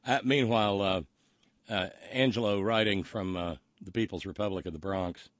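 A man's voice: fairly low pitch, unhurried, no room sound, studio quality. A man hosting a talk radio show, mocking press briefing clips and reading listener messages aloud in a profane, sardonic way.

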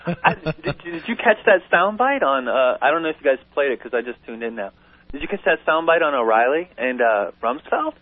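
A man calling in to a radio talk show, opinionated and animated, stumbling into restarts as he talks. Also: a little high, a little fast, no echo. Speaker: caller. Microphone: telephone. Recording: tinny phone line on radio.

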